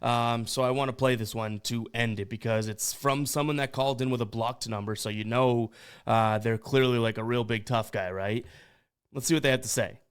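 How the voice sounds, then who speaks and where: A man's voice: medium pitch, steady tone, moderate pace, clean tone. A man from Boston hosting a podcast, reacting to voicemails in a casual, chatty way with frequent laughs. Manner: chatty, laughs often, stumbles over words. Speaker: podcast host.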